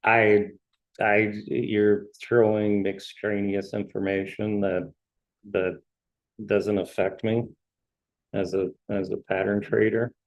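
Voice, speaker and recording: A man's voice: lowish voice, little pitch movement, dry recording, poor audio. A man hosting a trading show, going through stock charts in casual market commentary and often restarting his words as he scans. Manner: halting, repeats words while scanning charts.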